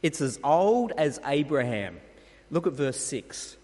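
A man delivers a sermon in a lively, rising and falling voice, set a touch high for a man. He presses his points with emphatic rhetorical questions. His words ring out with the long reverb of a large hall. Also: slow. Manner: emphatic, rhetorical questions, addresses listeners as friends. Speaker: pastor.

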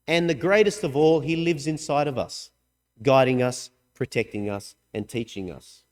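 Earnest preacher in a reverberant hall. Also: male voice, normal speed. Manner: earnest, emphatic, with sudden swings in pitch and loudness. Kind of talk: sermon.

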